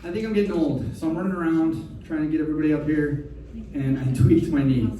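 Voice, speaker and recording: A man's voice: on the high side, steady tone, fast talker. A middle-aged man hosting a comedy night, chatting and joking at his own expense. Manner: chatty, self-deprecating banter. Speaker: comedy show host. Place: live comedy show venue. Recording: echoey room mic heard from a distance with noise.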